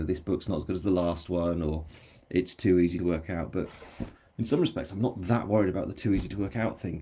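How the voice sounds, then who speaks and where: Hosting his own book launch on a live stream, this English author speaks with a general English accent, answering viewer comments in a loose, rambling, self-deprecating way. He has a low, warm voice with a breathy edge.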